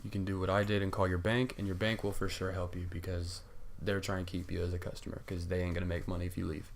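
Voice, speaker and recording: A young man with a lowish voice tells a story on a casual podcast, worked up and swearing freely. He acts out the other people's lines as he goes. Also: flat delivery, fast talker, vocal fry, slight background noise. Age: young adult. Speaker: podcast co-host. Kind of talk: casual chat.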